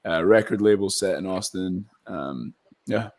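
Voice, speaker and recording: A man's voice: low voice, unhurried, a little mellow. A young man from Scotland, an actor chatting casually as an interview guest and rambling with fillers and restarts.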